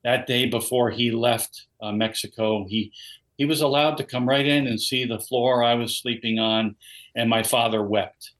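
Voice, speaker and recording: A man's voice: medium pitch, fairly even intonation, moderate pace, fairly bright tone, rough recording. An older man giving a personal testimony as a guest in an interview, telling his story earnestly. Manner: earnest storytelling, quoting others.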